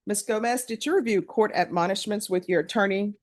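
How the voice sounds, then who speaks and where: Woman, judge, formal, measured, procedural, mid-pitched voice, courtroom hearing.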